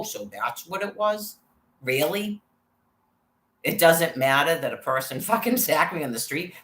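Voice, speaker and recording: A woman's voice: rumbling low, fairly bright tone. Woman vlogger ranting and swearing, rambly, kinda echoey room. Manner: profane, agitated storytelling. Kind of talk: rambling personal rant. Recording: roomy with faint background noise.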